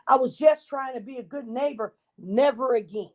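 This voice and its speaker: Lady voicing a wolf guy pleading he's innocent, wheedling, kinda high voice. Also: normal speed, a little mellow. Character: self-pitying male wolf telling his side.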